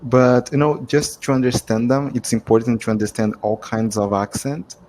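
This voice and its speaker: A man's voice: medium pitch, fairly even intonation, moderate pace, darkish tone, slight background noise, rough recording. Brazilian man practicing English on a video call. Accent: Brazilian Portuguese. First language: Portuguese. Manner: laughs often, searches for words. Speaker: English learner. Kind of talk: casual conversation practice.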